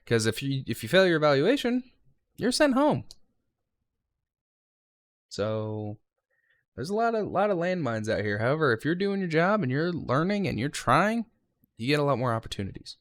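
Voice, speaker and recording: A man's voice: on the high side, very animated, normal speed, long pauses, no echo. A young man, a railroad conductor trainee, giving a rambling, casual vlog recap of his training week and swearing freely.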